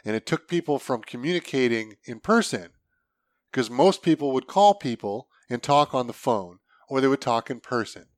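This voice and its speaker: A man's voice: medium pitch, lively intonation, moderate pace, no room sound. Blunt, cursing man in dry sound. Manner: blunt, opinionated, swears freely. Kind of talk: casual podcast chat.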